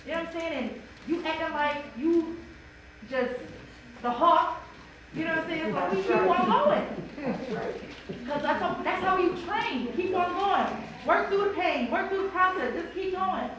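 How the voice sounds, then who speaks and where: A mother sharing a personal story at a church bible study, animated and emotional, acting out what people said. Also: very high voice, a little slow. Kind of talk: personal testimony in a group discussion. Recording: echoey room from far off, noisy.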